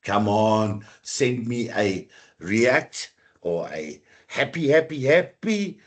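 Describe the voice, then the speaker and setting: A man's voice: lowish voice, sing-song, takes it slowly. A man teaching a live online computer class, chatty and encouraging, talking straight to his students.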